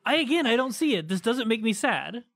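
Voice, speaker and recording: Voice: medium pitch, sing-song, a little fast, a bit bright. A podcast co-host in casual chat, easygoing but often hesitant and restarting sentences.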